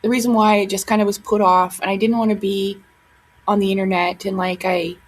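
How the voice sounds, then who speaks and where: A woman's voice: mid-range voice, flat delivery, fairly quick, rough recording. A young woman talking casually to her camera at home, rambling and emotional, with many fillers and restarts. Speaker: vlogger.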